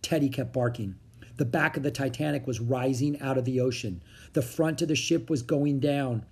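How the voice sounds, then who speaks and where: A reader narrating a children's book in a steady storytelling manner. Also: medium pitch, moderate pace, slightly rough. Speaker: audiobook reader.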